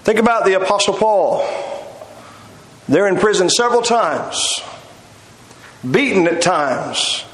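A man's voice: sits high, a bit bright. A man preaching a sermon in a folksy, storytelling way, with hesitant fillers and wry humor, recorded in a church sanctuary. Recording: echoey hall with long reverb.

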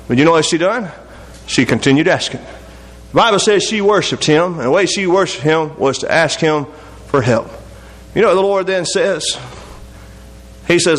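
Preacher, male, high voice, homespun delivery that asks the listeners a lot of questions, booming church-hall echo. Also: lively intonation, normal speed, long pauses, fairly bright tone. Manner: folksy, conversational, many rhetorical questions. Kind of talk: sermon. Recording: long reverb of a large hall.

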